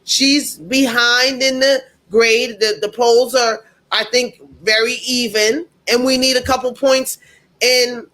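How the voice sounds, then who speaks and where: Slow, bright-voiced indignant commentator. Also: medium pitch, fairly even intonation. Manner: emphatic and indignant, repeats points; speaks directly to the audience. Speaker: political commentator. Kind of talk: opinionated commentary monologue.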